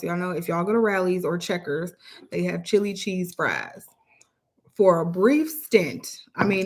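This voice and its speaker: A woman co-hosting a family vlog, chatting casually and ranting in an emphatic, exasperated way. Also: medium pitch. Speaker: co-host of a family vlog channel. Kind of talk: casual chat.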